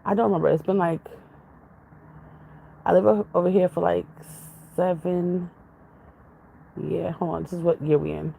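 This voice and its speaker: A woman's voice: lowish voice, steady tone, normal speed, vocal fry, long pauses, dark tone, slight background noise, low-quality recording. A woman vlogger in casual, rambling chat with her viewers, jumping from topic to topic. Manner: jumps from topic to topic, chatty, laughs often.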